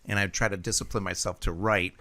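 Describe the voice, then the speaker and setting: A man tells a loose, rambling story in a casual chat. His voice sits low yet has a bright edge. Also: fairly even intonation, brisk.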